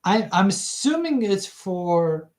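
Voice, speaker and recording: Unhurried amateur book reader, giggly asides, rambling and self-correcting. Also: medium pitch, very animated, darkish tone, poor audio. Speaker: audiobook reader. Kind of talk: casual read-aloud with rambling asides.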